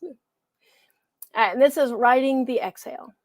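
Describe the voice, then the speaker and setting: A woman co-hosting a poetry live stream over a video call, chatting casually and then reading her poem more slowly and lower. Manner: chatty and self-deprecating, reads verse slower and lower.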